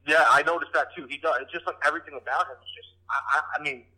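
A man's voice: fairly high pitch, steady tone, rapid-fire, pushed and bright, low-quality recording. A man talking as a guest on a sports podcast, casual and a bit hesitant, citing stats. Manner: hesitant, restarts often, stats-heavy.

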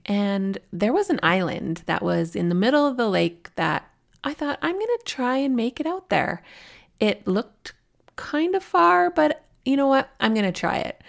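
A woman's voice: on the low side, creaky. A woman in her forties hosting a podcast, telling a personal story in a candid, heartfelt way. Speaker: podcast host.

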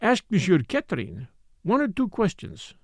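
A man reading the part of a measured, thoughtful detective. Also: high-pitched, wildly swooping pitch, gravelly, no echo, studio quality, pitched above the performer's own voice, full character voice. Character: thoughtful, fussy male detective. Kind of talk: audiobook character reading.

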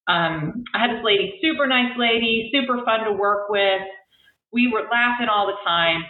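A woman's voice: a little high, moderate pace, reverberant. Chatty woman on a tinny call. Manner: chatty, many fillers and restarts. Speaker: physical therapist guest. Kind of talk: casual interview talk.

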